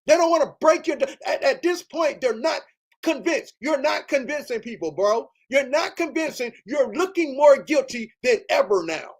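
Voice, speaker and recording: A man's voice: extremely high pitch, animated, normal speed. A man hosting a livestream, ranting in a heated, profane, repetitive way. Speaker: livestream host. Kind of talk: livestream rant.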